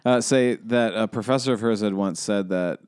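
A man's voice: on the low side, moderate pace, clear, resonant tone, no room sound, clean studio sound. A man in casual podcast chat, joking and acting out little scenarios. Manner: animated, jokey, acts out scenarios.

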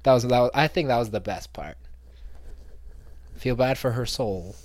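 Young male co-host, chatty storyteller, mid pitch, dry close recording. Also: moderate pace, a little mellow, no room sound. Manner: chatty storyteller, acts out quoted voices. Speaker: podcast co-host. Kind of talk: casual chat.

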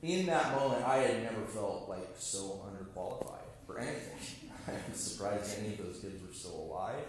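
A man's voice: lowish voice, expressive, moderate pace, noisy background. A young man telling a funny personal story on stage before a live audience, laughing at himself and acting out other people's voices. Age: young adult. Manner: self-mocking, laughing, acts out voices of others. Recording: echoey hall from far off, live crowd.

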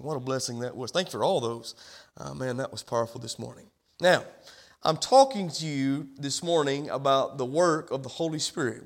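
A male pastor delivering a sermon in a church, with a repetitive preaching cadence and rhetorical questions. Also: on the high side. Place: church sanctuary.

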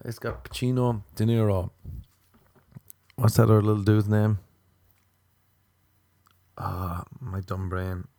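A man's voice: on the low side, flat delivery, slow pace, gravelly, pauses often, mellow, no echo. A man hosting a podcast, telling a rambling, crude, self-mocking comedic monologue. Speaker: podcast host.

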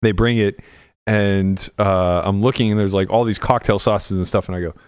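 A man's voice: fairly low pitch, fairly even intonation, normal speed, clean tone, no echo, clean studio sound. A man in his forties hosting a podcast, telling stories in casual chat with lots of swearing and laughter. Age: 40s. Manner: profane, laughing storyteller. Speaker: podcast host.

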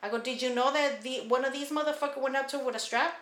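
A woman's voice: sits high, fast. A woman co-hosting a podcast, telling a family story in casual chat, swearing freely and acting out the people she quotes. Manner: profane, animated, acts out quoted people. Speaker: podcast co-host. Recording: echoey room.

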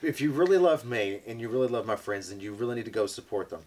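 A man's voice: lowish voice, expressive, quick pace, over a noisy crowd. A man in casual chat as a guest on a podcast, talking in a chatty, playful way.

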